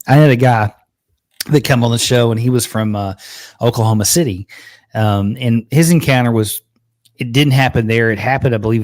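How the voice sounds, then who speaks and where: A man's voice: lowish voice, darkish tone, dry recording, clean studio sound. A man hosting a live show, talking in a laid-back casual way. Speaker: host.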